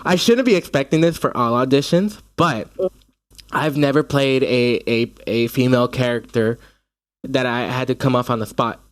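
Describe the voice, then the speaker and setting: A young man, a stage actor from the United States, chatting in an interview with animated storytelling and frequent restarts. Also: mid-range voice, moderate pace, no room sound. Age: young adult. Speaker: actor guest. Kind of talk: casual interview chat.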